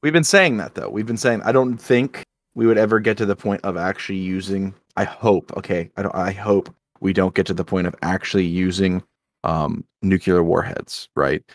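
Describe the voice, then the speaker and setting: A man's voice: sits low, fairly even intonation, normal speed. A man co-hosting a casual drinking podcast, talking earnestly and often stopping to restart or correct himself. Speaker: podcast co-host.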